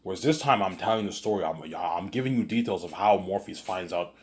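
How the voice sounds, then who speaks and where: Very deep-voiced rambling male storyteller. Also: expressive, brisk. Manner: rambling, stammering repetitions, constant "you know what I'm saying".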